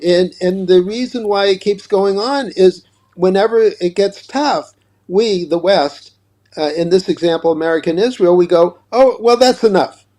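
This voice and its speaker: A man's voice: high voice, normal speed, warm tone. An older man, an author, speaking emphatically as a guest in a political interview and often repeating words as he starts a point.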